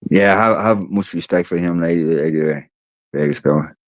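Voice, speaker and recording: Low-voiced and brisk, this livestream host from Ireland sounds tired as he rambles through casual stories indoors at home, cursing a lot and repeating himself. There is no echo.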